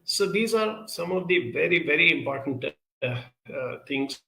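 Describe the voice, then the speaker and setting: A man giving advice and answering audience questions in an earnest, measured way, pausing often with 'uh' between phrases. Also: a little high, expressive, vocal fry, sharp tone, roomy sound. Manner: measured, earnest, with frequent pauses and 'uh' fillers. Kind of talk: advice talk.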